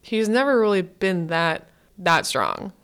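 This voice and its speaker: A woman's voice: on the low side, very animated, unhurried, fairly bright tone, smooth. A woman student hosting a podcast, chatting casually and gushing as a fan, with lots of "like" and restarts. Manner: chatty, gushing, heavy use of "like". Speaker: podcast host.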